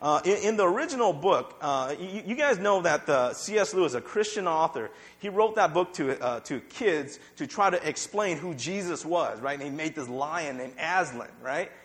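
A man's voice: on the high side, lively intonation, normal speed, hardly any pauses, a bit bright. A man preaching a sermon in a church, speaking conversationally, repeating words and often checking in with "right?". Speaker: pastor.

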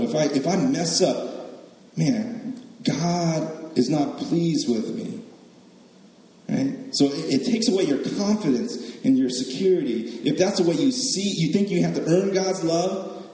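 A man's voice: a little high, mellow. A man giving a sermon in a casual, joking way, often checking in with the listeners with "right?". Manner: conversational and joking, tags lines with "right?". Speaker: preacher. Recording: echoey hall with long reverb.

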